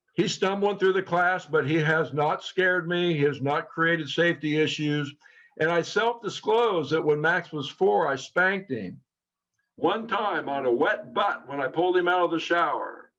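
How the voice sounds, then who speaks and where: A man's voice: a little high, unhurried. A middle-aged man telling a personal story earnestly to a group as a trainer. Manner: earnest, quotes people in lively tones. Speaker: co-founder and trainer. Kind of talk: storytelling talk. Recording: dull lo-fi sound.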